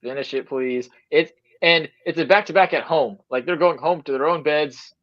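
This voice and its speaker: A man's voice: fairly high pitch, moderate pace, a bit bright, muffled recording. A man co-hosting a sports podcast, speaking in a laid-back way with short, agreeing remarks. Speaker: podcast co-host. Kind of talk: casual sports chat.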